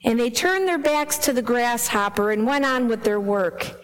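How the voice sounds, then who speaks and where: A woman's voice: fairly high pitch, animated, moderate pace. Woman preaching in a reverberant church. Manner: storytelling, asks the congregation questions. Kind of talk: gospel reading and sermon. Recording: long reverb in a church hall.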